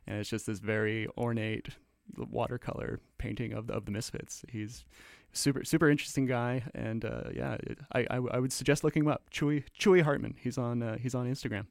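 A man chatting casually as a radio guest about punk records, talking in halting bursts full of stammered restarts. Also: medium pitch, creaky, no echo, clean studio sound.

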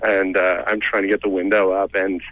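A man's voice: low voice, level tone, fairly quick, a bit bright, no echo, rough recording. A young Canadian man, a comedian and storyteller, telling a self-deprecating story in a casual, rambling way with lots of "like" and "you know".

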